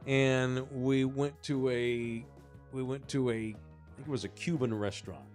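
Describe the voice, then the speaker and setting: A man co-hosting a sports podcast, telling a story in casual, animated, profane talk. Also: mid-range voice, a little slow, soft background music. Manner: animated, profane, rising when excited. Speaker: podcast co-host.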